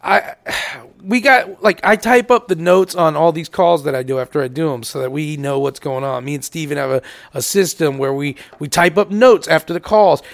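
A man's voice: a little high, moderate pace, creaky, few pauses. A man co-hosting a podcast, telling exasperated stories with swearing in casual chat. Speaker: podcast co-host.

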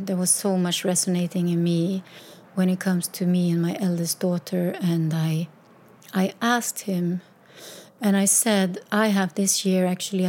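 A woman's voice: fairly low pitch, darkish tone. A middle-aged woman telling a candid personal story in a rambling way, with restarts and quoted dialogue. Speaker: mother sharing personal story.

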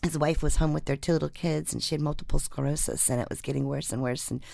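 A woman reporter who first reads her own feature story aloud, then tells an anecdote in a casual, animated way. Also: deep voice, fast, creaky, no room sound, studio quality. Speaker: newspaper reporter and guest.

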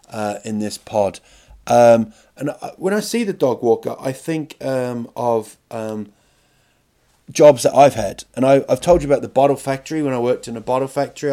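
A man's voice: mid-range voice, a little mellow. A man hosting a podcast, telling a comic story in a rambling, self-mocking way. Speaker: podcast host.

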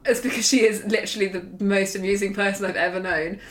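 A woman co-hosting a casual podcast chat. She tells a lively story, laughs as she goes and imitates her friends. Her voice sits at an everyday middle pitch. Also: fast talker, over a noisy crowd. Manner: lively anecdotal, laughs mid-sentence, mimics friends. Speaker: podcast co-host.

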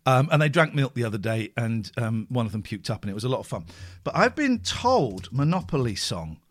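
A man hosting a live call-in show, rambling and jokey in quick bursts. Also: medium pitch, big pitch swings, no echo, clean studio sound. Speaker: show host. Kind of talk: casual live show chat.

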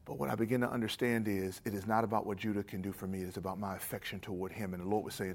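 A man preaching a sermon, telling a family story in a relaxed, conversational way and then dropping into a quiet prayer. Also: lowish voice, rapid-fire.

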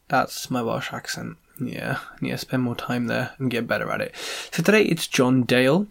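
A man hosting a property podcast, chatty and jokey with quick asides. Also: medium pitch, vocal fry, fairly bright tone. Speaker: podcast host. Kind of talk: casual podcast interview.

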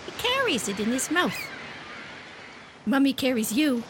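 Woman playing a slow, sing-song mother to a toddler, high and bouncy, simple repeated phrases. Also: very animated, background noise. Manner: sing-song, repetitive, exaggerated pitch swoops. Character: mother talking to her small child on a beach. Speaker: demonstrating a parent. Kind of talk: child-directed speech role-play.

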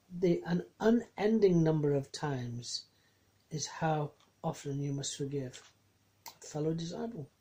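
Man, pastor, sermon, gentle reflective manner, mellow warm tone. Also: on the high side. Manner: gentle, reflective, asks listeners questions.

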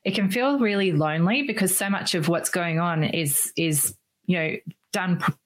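A woman's voice: lowish voice, moderate pace. A woman hosting a podcast, chatting with her guest in a supportive, affirming way. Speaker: podcast host. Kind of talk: conversational interview chat.

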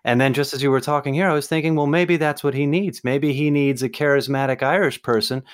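A man's voice: medium pitch, brisk. A young man chatting on a podcast in a wry, joking way. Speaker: podcast co-host. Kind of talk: casual chat.

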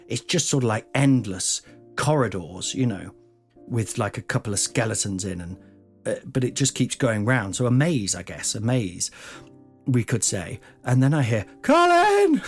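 A man's voice: mid-range voice, husky. A man in his forties casually telling a funny personal story as podcast host, swearing and acting out the voices. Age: 40s. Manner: lively, swears, acts out voices.

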